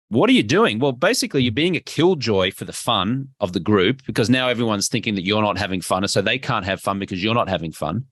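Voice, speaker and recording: An Australian man talks as a podcast guest, with a lively pitch that leaps up and drops down as he presses his points. He slips into short acted exchanges to show what he means. The recording is dry and close. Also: fast talker, few pauses, dry recording. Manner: emphatic and animated, acts out little dialogues. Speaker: podcast guest, health coach. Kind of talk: energetic interview talk.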